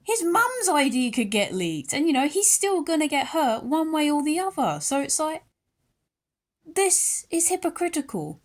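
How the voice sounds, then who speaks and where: A young British woman ranting angrily into her channel's camera, sarcastic and worked up, her pitch jumping up and down as she talks. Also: big pitch swings, measured pace. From United Kingdom. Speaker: YouTuber. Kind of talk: ranting vlog commentary.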